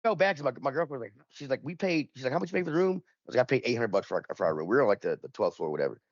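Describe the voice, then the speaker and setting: A man's voice: medium pitch, very animated, very fast, no echo, lo-fi sound. A man in casual podcast chat, telling a rambling, profane anecdote and acting out the dialogue in it. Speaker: podcast panelist.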